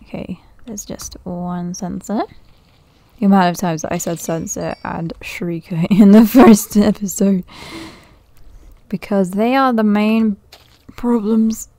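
A woman's voice: mid-range voice, steady tone, slow, mellow, no room sound. A woman giving casual let's-play commentary, thinking aloud nervously, often laughing and dropping to a whisper. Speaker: gaming video creator.

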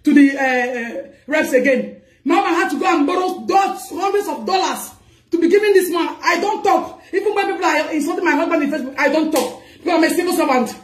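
A woman's voice: extremely high pitch, quick pace, roomy sound. A woman with a Nigerian accent making a distressed public appeal, pleading frantically and repeating cries for help. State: distressed and crying out.

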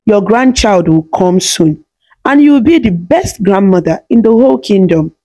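A woman's voice: medium pitch, animated, moderate pace, dark tone. A woman voicing a cheerful, playful young village wife in a storybook tale. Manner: friendly, teasing.

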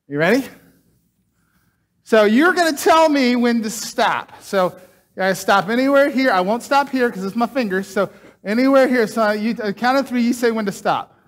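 A man's voice: extremely high pitch, a bit bright. A man preaching a casual sermon, chatting and joking with the congregation while doing a trick.

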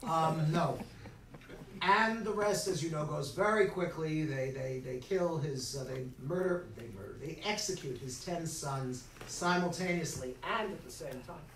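During a Shabbat service in a synagogue sanctuary, a man tells a story as a humorous sermon, tossing playful asides to the congregation. His voice is a little high, unhurried, and fairly bright. The hall is echoey, he sounds far from the mic, and there's faint noise.

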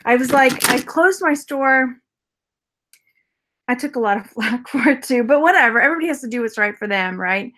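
A Texan reseller vlogger with a slightly high, bit bright voice chats animatedly at a moderate pace during a jewelry unboxing haul. She rambles, laughs often, and responds to viewer comments.

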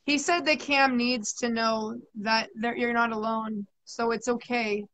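High-voiced woman giving a psychic reading. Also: steady tone, a little slow, a bit bright, low-quality recording. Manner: repetitive, soothing, chatty. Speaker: psychic medium. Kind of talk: live spirit reading.

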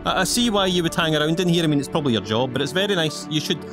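A man's voice: a little high, expressive, rapid-fire. A man giving cheeky, rambling, in-character commentary while playing a video game. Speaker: gaming YouTuber. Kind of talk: playful in-character gameplay commentary. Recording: game music playing behind.

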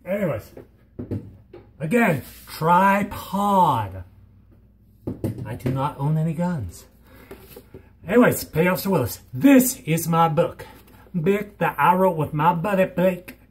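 A young man talking in a hyper, giddy vlog at home, rambling and bursting into loud silly exclamations. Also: fairly high pitch, lively intonation, slow, long pauses, a little hiss or hum. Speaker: vlogger.

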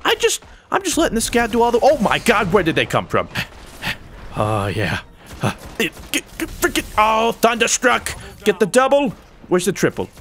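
A young man giving excitable, joking commentary over his own gameplay. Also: sits high, normal speed, creaky, a little hiss or hum. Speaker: gaming YouTuber.

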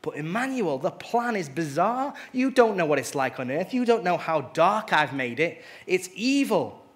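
A man's voice: sits high, very animated, moderate pace, voice pushed up. Man reading as an incredulous, defiant devil. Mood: disbelieving. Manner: agitated, incredulous. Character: defiant disbelieving devil, male. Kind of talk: dramatic reading from a storybook.

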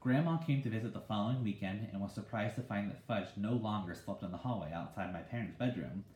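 A man reads a children's novel aloud in a relaxed, conversational manner. His voice is lowish and mellow. The recording has a roomy echo. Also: fast talker, slight background noise. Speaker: reader. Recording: echoey room.

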